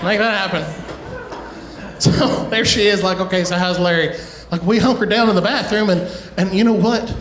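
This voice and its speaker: A middle-aged man doing a stand-up comedy set, telling a family story with quick asides and chuckles. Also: high voice, slight background noise. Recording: echoey live room.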